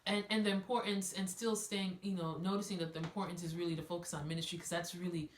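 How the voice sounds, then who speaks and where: A woman co-hosting a casual faith-business chat, chiming in often with quick affirmations. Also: on the low side, level tone, distant mic. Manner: chatty, frequent affirming interjections. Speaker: podcast co-host. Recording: echoey room with faint noise.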